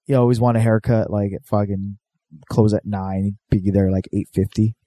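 Laid-back swearing man, mellow dry voice. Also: lowish voice, steady tone, normal speed, no room sound. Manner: rambling, profane, laid-back, lots of fillers. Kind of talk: casual storytelling chat.

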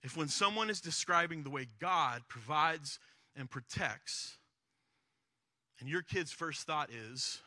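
A man's voice: fairly high pitch, expressive, takes it slowly, pushed and bright, no room sound. A man preaching a sermon in a candid, conversational, self-deprecating way. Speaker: pastor.

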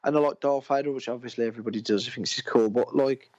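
On a casual film podcast captured in dull lo-fi audio, a co-host speaks rapid-fire in a mid-range, darkish voice with fairly even intonation. He rambles eagerly and keeps interrupting himself.

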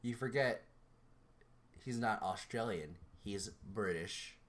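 Halting, relaxed man co-hosting a podcast. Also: on the low side, slight background noise. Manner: relaxed, halting, searching for words. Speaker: podcast co-host. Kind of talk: casual chat.

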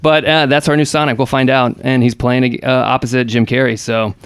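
A man's voice: medium pitch, flat delivery, fairly quick, clean tone, no echo. A man co-hosting a podcast, chatting casually about gaming news in a rambling, hesitant way full of fillers and restarts. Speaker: podcast co-host.

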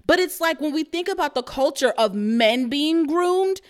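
A woman in her thirties hosting a podcast, telling a story in a blunt, profane way that breaks into loud outrage. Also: sits high, sing-song, a little slow, hardly any pauses. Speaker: podcast host. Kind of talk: casual storytelling rant.

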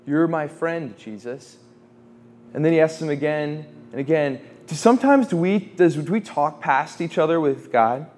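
A man's voice: on the high side, expressive, darkish tone, slight background noise. Young man giving a casual faith talk. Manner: conversational, quick asides, acts out quotes. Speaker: campus ministry speaker. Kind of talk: informal faith talk to students.

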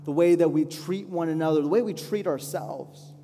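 A man's voice: a little high, a little hiss or hum. Earnest male pastor in an echoing hall. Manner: earnest, pleading, rising to fervent declarations and slowing for prayer. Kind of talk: sermon. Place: church hall, live congregation. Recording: live church hall reverb with soft music. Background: soft instrumental worship music.

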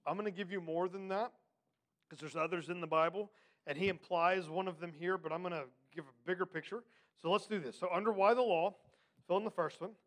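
High-voiced man teaching a Bible class. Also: fairly even intonation. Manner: asks the class questions, emphatic and conversational; reads scripture slowly and deliberately. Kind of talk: Bible study lesson.

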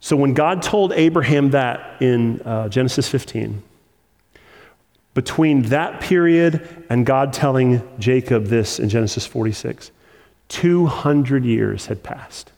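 Earnest pastor preaching in a reverberant hall. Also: male voice, mid-range voice, unhurried, darkish tone. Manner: earnest, with repetition for emphasis and rising intensity. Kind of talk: sermon.

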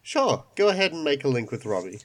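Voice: medium pitch, big pitch swings, a little fast, crowd noise. A game master narrating an online tabletop game, voice still recovering after being sick.

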